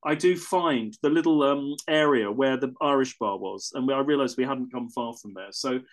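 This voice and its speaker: A medium-pitched English man speaking at normal speed shares a personal story casually and loosely. He rambles, frequently corrects himself mid-sentence, and chuckles.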